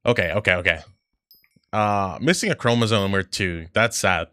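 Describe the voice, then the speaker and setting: A man's voice: lowish voice, moderate pace, sharp tone, no room sound, studio quality. A man livestreaming while gaming, chatting casually, reading chat aloud and reacting in a rambling, profane way.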